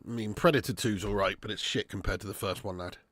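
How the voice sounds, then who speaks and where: A man hosting a live football watch-along, sweary and bantering, swinging into excitable commentary. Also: lowish voice, fast, dry recording. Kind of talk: live match commentary and chat.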